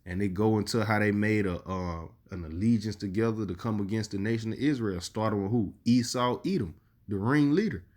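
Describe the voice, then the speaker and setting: Guy preaching, reads verses slow and heavy, keeps saying you see. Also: on the low side, darkish tone. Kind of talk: sermon with scripture reading.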